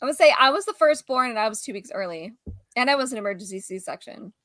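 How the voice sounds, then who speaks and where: A woman chatting casually on a podcast, quick to laugh. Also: fairly high pitch, no room sound, studio quality. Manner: giggly, lively chatter. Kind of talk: casual chat.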